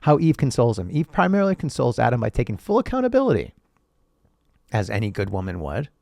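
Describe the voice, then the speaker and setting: A man's voice: mid-range voice, wildly swooping pitch, quick pace, gravelly, a little mellow, no room sound, clean studio sound. A man hosting a podcast, reading old texts aloud and riffing on them in a profane, sarcastic, rambling way. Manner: profane, sarcastic, rambling, laughs at own jokes. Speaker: podcast host.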